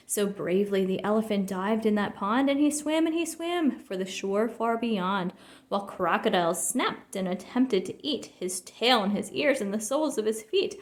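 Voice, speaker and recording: A woman reading a rhyming picture book aloud in a lively, expressive storytelling manner. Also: medium pitch, normal speed. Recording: roomy echo.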